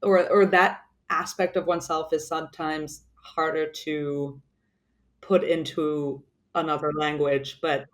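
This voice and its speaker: A woman's voice: deep voice, little pitch movement, unhurried. A woman guest in a casual interview, chatty, with many fillers and frequent laughs. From born in the US, grew up mainly in the UK.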